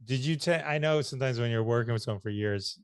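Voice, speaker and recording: Smooth-voiced male podcast host. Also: medium pitch, fast, no room sound, studio quality. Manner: rambling questions full of "like". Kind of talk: interview questions.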